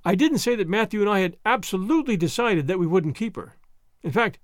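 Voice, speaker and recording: Reserved spinster woman voiced by a man, slow and careful, dry close sound, in a storybook. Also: high-pitched, lively intonation, no room sound. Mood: measured. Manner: slow and measured. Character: stern, reserved middle-aged spinster woman.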